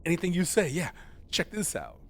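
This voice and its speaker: A man voicing an eager, excitable male dog in a playful aside while streaming a game. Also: fairly high pitch, brisk, voice pushed up.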